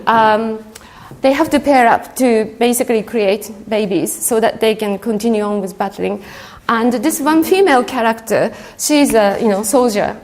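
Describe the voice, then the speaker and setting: A woman delivering a conference keynote in a hall. She speaks in a halting way, filling pauses with frequent ums and uhs. Her voice sits a little high. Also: darkish tone.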